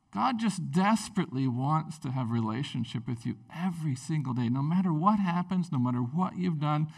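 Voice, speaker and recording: A man preaching a sermon in a casual, animated way, with lots of fillers. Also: a little high, creaky, recorded from a distance. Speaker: pastor.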